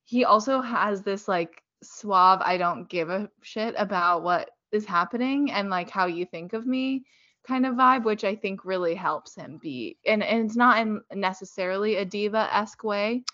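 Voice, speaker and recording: A woman's voice: mid-range voice, measured pace, bright, forceful tone. A woman co-hosting a podcast in casual chat, emphatic and agreeable as she thinks aloud. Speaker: podcast co-host. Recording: slightly muffled podcast audio.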